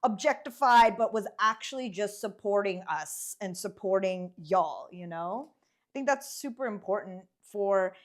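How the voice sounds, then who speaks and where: A woman hosting a casual interview chat, playful and animated, often humming agreement while her guest talks. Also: mid-range voice, a little slow. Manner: animated, playful, frequent backchannel hums. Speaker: host.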